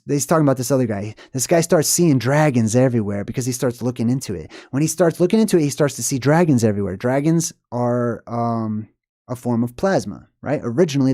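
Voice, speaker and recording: Casting: male vlogger, mellow warm tone, digressive and emphatic, constantly asking the viewer "right?". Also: mid-range voice. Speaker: movie symbolism commentator. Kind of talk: rambling solo commentary.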